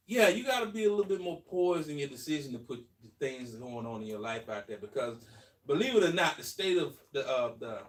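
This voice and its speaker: Man, podcast co-host, thoughtful and measured, lively pitch, mic set back. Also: distant mic. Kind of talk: casual group chat.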